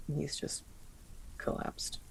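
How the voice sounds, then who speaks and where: A man playing a tabletop role-playing game, describing his character's actions in a thoughtful, hesitant way. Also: slow. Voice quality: gravelly, raspy. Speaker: player. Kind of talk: tabletop role-play narration.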